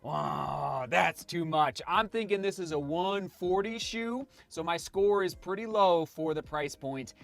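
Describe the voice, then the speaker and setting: A man's voice: on the high side, unhurried, vocal fry, hardly any pauses, no echo. A man reviewing running shoes in a casual vlog, chatty and enthusiastic. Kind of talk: casual vlog talk to camera. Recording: faint music behind.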